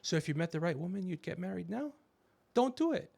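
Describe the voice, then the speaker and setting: A middle-aged man hosting a podcast, telling stories in a casual comedic chat and acting out quotes with animated voices. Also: high-pitched, fairly quick, vocal fry. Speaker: podcast host.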